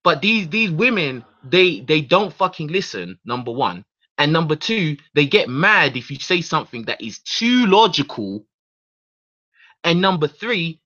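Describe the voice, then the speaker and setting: A man's voice: fairly high pitch, sing-song, unhurried, pushed and bright. A man hosting his own radio show, ranting in a heated, profane monologue full of repeated words and restarts. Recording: dull lo-fi recording.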